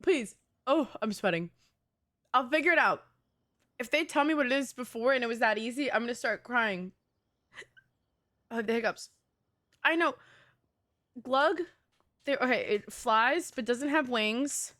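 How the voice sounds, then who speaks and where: A young woman live streaming a video game, excitable, laughing often and pleading with her chat. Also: on the high side, unhurried, long pauses.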